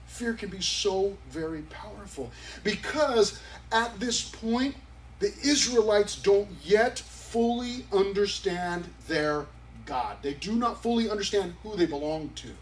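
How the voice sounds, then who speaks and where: A man's voice: high voice, lively intonation, unhurried, far from the mic, a little hiss or hum, poor audio. A male pastor preaching a sermon at a youth service in a conversational, emphatic way. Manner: conversational and emphatic, acting out quotes.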